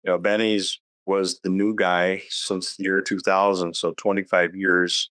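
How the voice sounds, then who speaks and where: Relaxed rambling man guitarist. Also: sits low, unhurried, no echo. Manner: relaxed, rambling, many fillers. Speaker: band guitarist. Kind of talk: casual interview.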